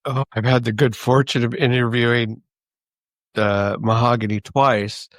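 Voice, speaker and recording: A man's voice: mid-range voice, level tone, unhurried, fairly bright tone, no room sound. A man hosting a casual podcast interview in a friendly, upbeat way. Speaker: podcast host.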